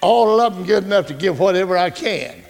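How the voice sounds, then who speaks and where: A male pastor preaching a folksy, joking, animated sermon. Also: sits high, fast talker, gravelly.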